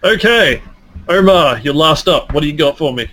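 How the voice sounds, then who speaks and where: A man's voice: fairly high pitch, animated, moderate pace, fairly bright tone, rough recording. A man with an Australian accent bantering and swearing as a player in a tabletop game chat. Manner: laughing, swearing, teasing quiz questions. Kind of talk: casual banter.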